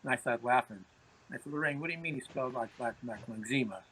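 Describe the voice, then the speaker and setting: Bright, husky-voiced man telling stories. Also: mid-range voice, fast, poor audio. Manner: animated anecdotes, repeats words when starting phrases. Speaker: podcast guest. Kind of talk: storytelling in conversation.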